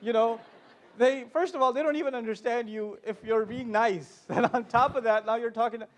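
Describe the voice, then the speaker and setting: A man with a fairly high voice gives a passionate talk as a panel speaker. He is animated and emphatic, and he drops in joking asides. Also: fairly quick.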